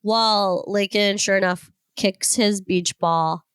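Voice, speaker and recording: A woman's voice: medium pitch, steady tone, slow, smooth, no room sound, studio quality. A woman co-hosting a podcast, chatting casually and laughing often while telling a frustrated story. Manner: laughs often, plays up frustrations for comic effect. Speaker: podcast co-host. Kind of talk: casual chat.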